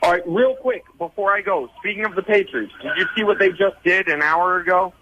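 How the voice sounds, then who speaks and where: A man's voice: high-pitched, a little fast, sharp tone, lo-fi sound, a little hiss or hum. A man hosting a casual sports radio talk show, arguing and telling stories. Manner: argumentative, storytelling. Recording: radio studio mic.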